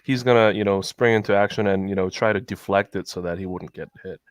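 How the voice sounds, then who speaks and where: A man's voice: low-pitched, fast, no echo, clean studio sound. A man playing a security chief in a tabletop game, formal and stiff in character. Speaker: player voicing a security chief. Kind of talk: casual tabletop role-play.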